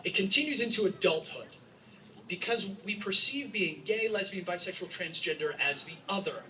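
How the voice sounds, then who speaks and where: A man from Utah giving an impassioned, joking public speech to a crowd as an activist, sometimes raising his voice to a shout. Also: sits high, lively intonation, moderate pace. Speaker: activist speaking at a rally. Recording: distant mic with faint background noise.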